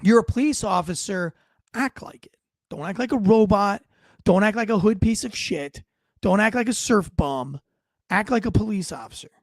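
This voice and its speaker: A man's voice: sits high, lively intonation, moderate pace, no echo, studio quality. A middle-aged man, a former police officer, giving blunt, profane and indignant video commentary.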